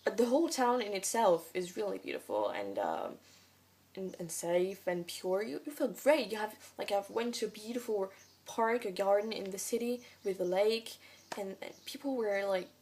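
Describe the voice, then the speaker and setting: A woman's voice: mid-range voice, lively intonation, normal speed, darkish tone, husky. Young french girl doing a q&a vlog, lots of ums and restarts, just talking to her camera. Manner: rambling, hesitant, many fillers and restarts. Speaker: vlogger. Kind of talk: casual Q&A vlog.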